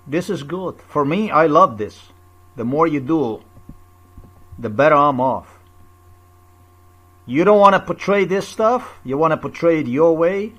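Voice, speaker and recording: A man's voice: fairly high pitch, expressive, unhurried, pauses often, fairly bright tone. A man in a confrontational, repetitive video rant, full of rhetorical questions and swearing. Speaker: vlogger. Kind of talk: angry personal video rant.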